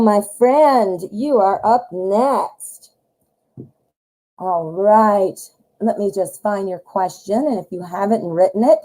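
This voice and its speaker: Woman, tarot stream host, casual chat, mellow voice, animated, talks to viewers. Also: medium pitch, poor audio. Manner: chatty, animated, greets viewers by name. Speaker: tarot reader hosting a live stream.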